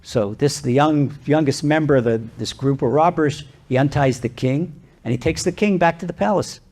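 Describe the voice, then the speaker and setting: A man, a rabbi, giving a sermon and telling a parable in an animated, conversational way, often restarting his sentences. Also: on the high side, normal speed. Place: lecture venue.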